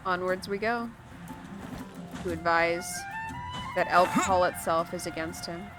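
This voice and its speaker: A woman's voice: on the low side, measured pace. A woman streaming a video game, chatting casually and playfully musing aloud as she plays. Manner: playful, musing aloud, repeating words to test them. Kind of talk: casual livestream chat over gameplay. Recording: game music under the voice. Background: game music.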